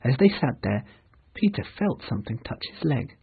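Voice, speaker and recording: A man reading a storybook aloud for English learners, slowly and clearly. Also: mid-range voice, very animated, phone-quality sound. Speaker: narrator.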